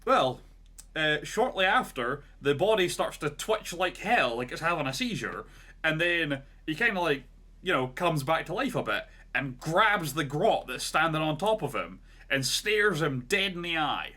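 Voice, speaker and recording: Bright-toned man rambling through a story. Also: fairly high pitch, sing-song, normal speed. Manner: rambling, lots of "like" and "right?". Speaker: podcast co-host. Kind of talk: casual storytelling chat.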